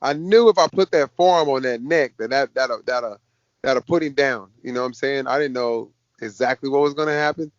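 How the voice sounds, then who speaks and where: A man, a fighter being interviewed, telling stories in a casual, lively way. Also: mid-range voice, a little fast, dry recording. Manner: lively storyteller, acts out quoted voices. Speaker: MMA fighter guest. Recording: dull dry podcast audio.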